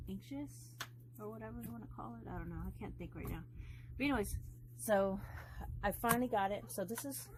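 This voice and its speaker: A woman's voice: medium pitch, slight background noise, poor audio. Rambling, cussing woman quilter. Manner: rambling and blunt, swears freely. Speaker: quilting vlogger. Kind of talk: casual chat while crafting.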